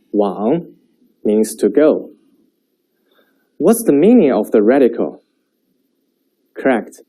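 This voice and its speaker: Male language teacher, scripted lesson, slow and clear, mellow tone, lively pitch. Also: low-quality recording. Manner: slow, clear modeling of sentences for repetition.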